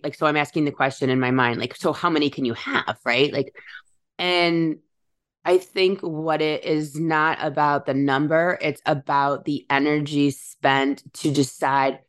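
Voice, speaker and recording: Very low-voiced woman musing on spirituality. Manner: musing, spiritual, slows to stress words. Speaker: podcast host. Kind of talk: casual spiritual chat.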